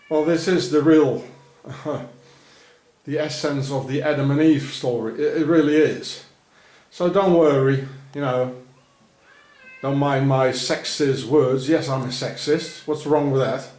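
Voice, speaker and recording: A man rambling in a sardonic monologue while feeding cats, often dropping into low muttered asides. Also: slow pace, a little mellow. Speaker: vlogger.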